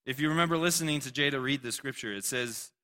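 A young man preaching a lively sermon with a bright, forceful voice. He jokes as he goes and calls on people in the room by name. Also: mid-range voice, fast talker. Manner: animated, joking, takes questions from listeners. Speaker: pastor. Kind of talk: youth sermon.

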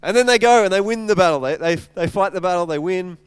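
A pastor with a rather high, smooth voice preaches a sermon, retelling the story in a chatty, animated way. He often stumbles and repeats words as he goes. The sound is close and dry. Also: quick pace, no echo. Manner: animated storytelling, retelling scripture in casual speech.

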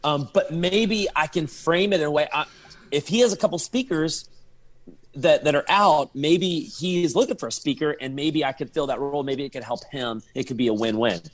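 A man's voice: fairly high pitch, normal speed. A man, a podcast guest telling stories in casual chat, acting out his own texts and thoughts. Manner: animated storyteller, acts out his own texts and inner thoughts.

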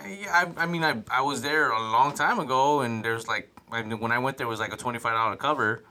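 A man's voice: medium pitch, fast, pushed and bright, a little hiss or hum. A young man from Chicago, co-hosting a podcast, telling a story in a rambling way with swearing, stammers and restarts. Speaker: podcast co-host. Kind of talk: casual chat.

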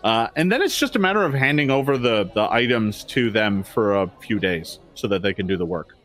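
A man's voice: on the low side, lively intonation, fairly quick, a bit bright. A man narrating as game master in a tabletop game, rambling with many fillers and restarts.

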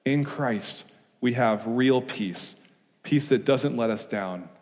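A male pastor delivers a sermon in a middle-pitched voice, pressing his points with rhetorical questions. He swings between raised, urgent emphasis and quiet, hushed reassurance. The sound carries a long reverberant tail from a church hall. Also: takes it slowly. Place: church sanctuary.

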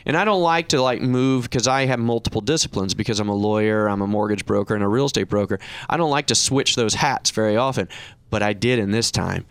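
A middle-aged man hosting a talk show, telling a story in a casual, animated way, his voice rising when he quotes other people. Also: brisk, clear, resonant tone, no room sound. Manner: animated anecdote, raising pitch when quoting others. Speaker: radio show host and reverse mortgage professional.

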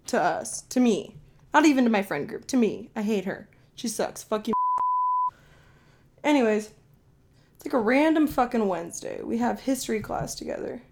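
This young woman from Ohio, a podcast host, tells a story in a casual monologue that's blunt, emphatic, and full of swearing. Her voice sits on the high side with a slightly mellow quality.

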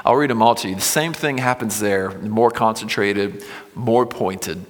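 A male pastor preaching a sermon, reading scripture with swelling intensity and dropping low and quiet between passages. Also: a little slow. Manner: reads scripture with rising intensity, then drops low and quiet. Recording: long hall reverb.

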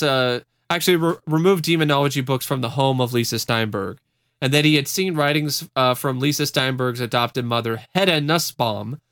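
A man's voice: fairly high pitch, a bit bright, clean tone, dry recording, clean studio sound. A man hosting a casual podcast, telling a story in a wry, rambling way with frequent laughs. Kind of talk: casual chat.

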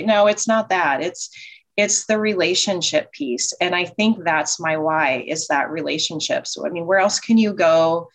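A woman's voice: fairly low pitch, normal speed. A woman who owns and runs a childcare center, talking in a heartfelt, rambling way with many restarts in a casual interview. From Nebraska. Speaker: childcare center director and owner.

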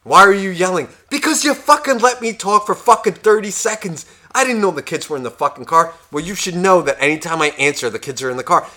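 Bright-voiced cursing podcast co-host. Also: male voice, high voice, fast talker, few pauses. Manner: heavy cursing, acts out phone calls with loud rants. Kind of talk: casual podcast chat.

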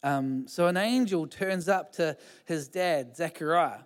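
Guy pastor preaching, kinda high voice, loose chatty style with lots of ums, big echo from the hall. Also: a little slow, clear, resonant tone. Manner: chatty, informal preaching with many fillers and restarts. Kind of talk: sermon. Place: church hall. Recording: hall reverb.

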